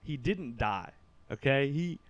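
Animated man telling a story. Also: slow, dull audio. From Kentucky. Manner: animated, swinging from loud bursts to hushed low stretches. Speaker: podcast guest. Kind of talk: casual storytelling.

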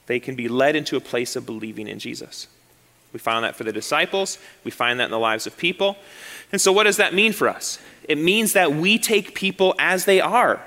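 A man preaching a sermon as pastor, his voice pitched high and sounding bright and forceful. He drives his points home by repeating phrases and posing rhetorical questions. The sound rings with the long reverb of a church sanctuary.

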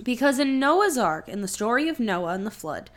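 A woman co-hosting a podcast, talking in a slightly high voice. She is casual and profane. She keeps slipping into mock voices to act out quoted lines. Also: very animated, moderate pace. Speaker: podcast co-host. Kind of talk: casual chat.

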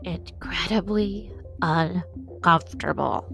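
A woman's voice: fairly low pitch, slow, vocal fry, soft background music, full character voice. A woman voicing a nasal, queasy young man. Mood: queasy, uneasy. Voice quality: nasal, mouth-breathing. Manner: hushed, hesitant.

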